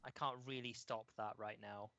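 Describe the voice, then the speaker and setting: A man's voice: on the low side, fairly even intonation, normal speed, creaky, pushed and bright, lo-fi sound. A man playing a tabletop game, speaking hesitantly with stammers. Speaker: player.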